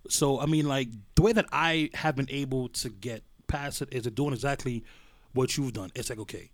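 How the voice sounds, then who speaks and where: A man's voice: mid-range voice, moderate pace, no room sound. A man chatting casually in a group, laid-back and slangy, getting emphatic as he retells stories.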